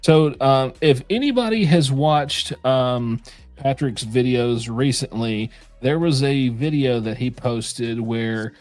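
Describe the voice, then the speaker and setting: A man's voice: mid-range voice, slow pace, a little mellow, no room sound, soft background music. A man co-hosting a casual live bourbon stream, loose and jokey with a lot of swearing. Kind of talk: casual livestream chat.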